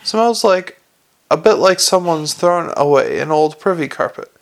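A man's voice: fairly high pitch, expressive, unhurried, creaky. A man voicing an earnest, naive young watchman who talks eagerly and innocently in a storybook reading.

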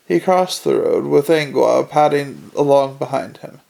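A man narrating a comic fantasy novel in a dry, measured way. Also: mid-range voice, sing-song, gravelly, darkish tone. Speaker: audiobook narrator. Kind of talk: scripted narration.

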